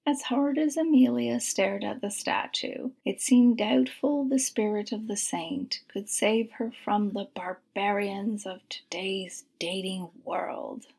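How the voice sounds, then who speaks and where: A woman narrating a story in a soft, breathy, half-whispered voice. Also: medium pitch, fairly even intonation, slow pace, hardly any pauses.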